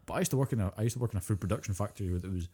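A man's voice: lowish voice, very fast, dark tone, slightly rough. A young man co-hosting a podcast, chatting casually in a rambling, blunt way and swearing freely. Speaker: podcast co-host. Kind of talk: casual chat.

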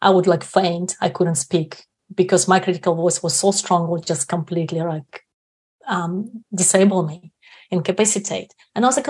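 A woman's voice: fairly low pitch, fairly even intonation, moderate pace, darkish tone, husky. A woman guest on a podcast, reflectively explaining a self-help practice and often checking in with 'right?'. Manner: reflective, often adds 'right?' tag questions.

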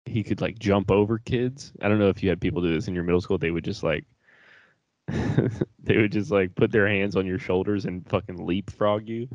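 A young man co-hosts a podcast in a low, darkish voice, speaking at normal speed with a steady tone. The chat is loose, rambling and casual; he swears freely and breaks into laughter. The recording is muffled, dry and close, with no echo or room sound.

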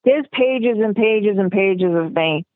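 A woman's voice: medium pitch, expressive, takes it slowly, dry recording. A woman actress from New York, with a mild New York accent mixed with a Californian one, chatting casually in an interview with lots of fillers and restarts. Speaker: actress guest. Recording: tinny phone line.

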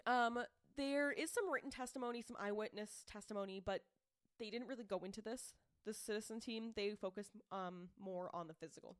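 A woman's voice: mid-range voice, brisk, no echo, studio quality. Chatty woman retelling a mystery case. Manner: chatty storyteller, animated quoted voices, frequent "like" and "um". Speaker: podcast co-host presenting the case. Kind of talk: casual chat.

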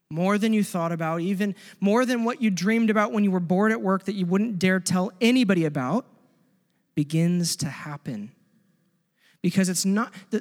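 A male pastor preaching a sermon, impassioned, swinging between loud pleading and hushed intensity. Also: high-pitched, big-room sound.

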